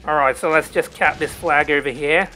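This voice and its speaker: A man's voice: fairly high pitch, steady tone, moderate pace, pushed and bright, faint music behind. A man with a put-on, exaggerated Australian accent giving rambling gameplay commentary, tacking "mate" and "right?" onto his lines. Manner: hams up a jokey Aussie persona, tags lines with "mate" and "right?"; rambling, self-talking with many ums. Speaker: gaming channel host.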